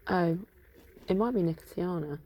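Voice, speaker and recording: A woman's voice: fairly low pitch, moderate pace, dark tone. A tired woman of fifty, rambling aloud to herself in her garden and sometimes dropping to a whisper, recorded on a phone. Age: 50s. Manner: musing aloud to herself, drifting between topics, sometimes whispering. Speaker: vlogger. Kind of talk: rambling solo chat. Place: home garden outdoors.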